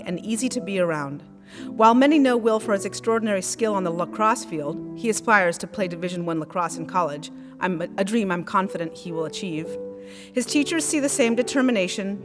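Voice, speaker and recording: Woman, school teacher, reads graduation tributes from a prepared text, occasional stumbles, reverberant hall with soft music behind. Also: medium pitch.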